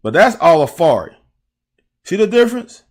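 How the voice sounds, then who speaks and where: A man's voice: sits high, big pitch swings, moderate pace. A middle-aged man with a Southern American accent, a former player who hosts and breaks down game film in a casual, profane chat with his viewers. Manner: blunt, profane, talks straight to chat viewers. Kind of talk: casual live-stream commentary.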